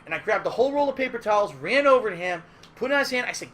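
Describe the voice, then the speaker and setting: A man with a high, bright, cutting voice tells an old story in a loose, casual way. He talks with lots of emphasis and swears freely, like a streamer chatting to his audience. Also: very fast. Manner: animated, profane, emphatic retelling. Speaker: gaming streamer.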